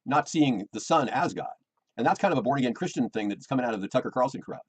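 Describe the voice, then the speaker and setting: A man's voice: mid-range voice, animated, fast talker, slightly rough, rough recording. A middle-aged American man, rambling and defensive, repeating himself as he complains about his personal life. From United States.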